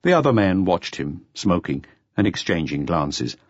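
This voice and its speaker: A man narrating a mystery audiobook in a measured, expressive storytelling manner. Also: deep voice, dry recording. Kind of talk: scripted narration. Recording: slightly dull lo-fi audiobook recording.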